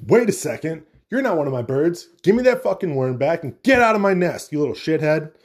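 Protective mama bird, sharp-tongued and cursing, put on by a man a bit higher than his own voice. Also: big pitch swings, fairly quick, slightly rough. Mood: furious. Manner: raised, cursing, scolding. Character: foul-mouthed angry mother bird.

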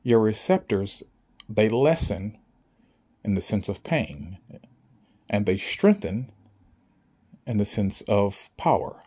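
In this preachy, emphatic monologue, a man addresses his listeners with a lowish, dark, slightly rough voice that moves slowly and sing-song, with long pauses. He is a spiritual speaker giving motivational talk to an audience and keeps checking if they understand.

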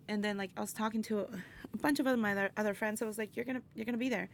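Woman guest, gravelly edge, animated storyteller who laughs a lot and acts out quotes; light background hiss. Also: fairly high pitch, fast. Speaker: interview guest, burlesque performer. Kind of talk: casual storytelling chat.

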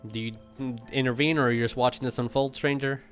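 A man narrating a tabletop game as game master, pausing often with ums and uhs. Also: mid-range voice, fairly even intonation, faint music behind. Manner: halting, many ums and uhs.

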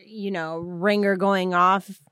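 A woman's voice: mid-range voice, steady tone, takes it slowly, a bit bright, clear, resonant tone, no echo, studio quality. A woman co-hosting a podcast, reacting to a story with teasing, wry remarks. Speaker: podcast co-host. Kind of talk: casual chat.

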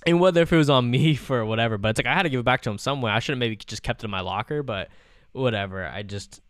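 A man in his twenties hosts a podcast, chatting casually in a mid-range voice at a quick pace. The sound is studio quality with no echo, and his rambling stories are full of filler words and swearing.

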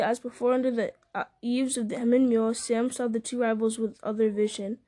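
A woman reading a story aloud at a measured pace, with occasional slips and restarts. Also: fairly high pitch, flat delivery, warm tone, slight background noise. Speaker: reader. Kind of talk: audiobook-style story reading.

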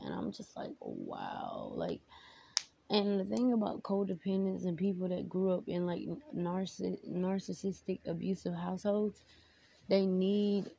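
A woman's voice: fairly low pitch, creaky, mellow, husky. A woman hosting her own podcast, talking candidly and emotionally in a rambling, casual way with many fillers. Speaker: podcast host. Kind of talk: casual personal talk. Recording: dull lo-fi sound, faint noise.

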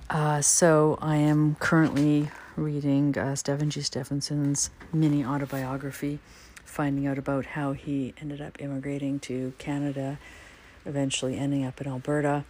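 A woman's voice: very deep voice, warm tone, a little hiss or hum. A woman poet hosting a podcast, talking thoughtfully with frequent hesitant fillers and reading poems aloud. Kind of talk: casual podcast monologue with poetry reading.

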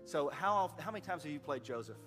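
A man's voice: fairly high pitch, lively intonation, quick pace. A man narrating a story aloud and directing children in a skit, playful and encouraging, laughing often, speaking into a handheld microphone. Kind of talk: live narration with stage directions. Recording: long hall reverb, faint music.

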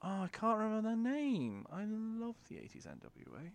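A young man talks his way through a fighting game in loose, rambling commentary. His pitch swings freely up and down as he drifts between the match and cooing baby talk. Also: huge pitch swings, normal speed. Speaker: gaming video creator. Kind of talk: casual gameplay commentary.

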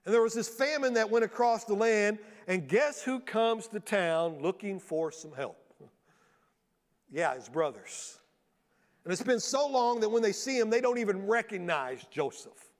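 A man preaches from a church stage with a high voice. He tells the story in a lively way and often slips into the voices of the people he quotes. His voice carries a long reverb from the large hall. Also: unhurried. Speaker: pastor. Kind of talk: sermon.

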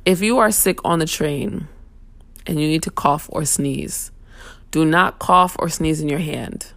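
Blunt, sassy woman ranting, gravelly low voice. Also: measured pace, a bit bright, no room sound. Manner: blunt, sassy, profane venting. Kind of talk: casual opinion rant.

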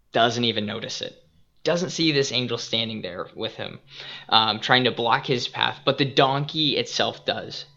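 A young man hosting a casual podcast, retelling a Bible story in an animated, earnest and reflective way, on a dull lo-fi recording. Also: medium pitch, creaky. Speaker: podcast host and youth skate minister.

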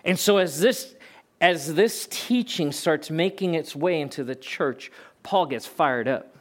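A man's voice: on the high side, lively intonation, measured pace. A male pastor preaching a sermon in an emphatic, conversational way, asking rhetorical questions.

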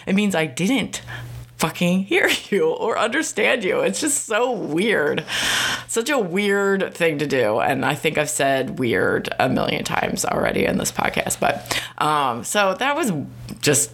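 A woman's voice: on the low side, sing-song, a little slow, creaky. A woman talks through a casual podcast monologue. She rambles, swears freely and breaks into small laughs mid-sentence. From United States. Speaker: podcast host.

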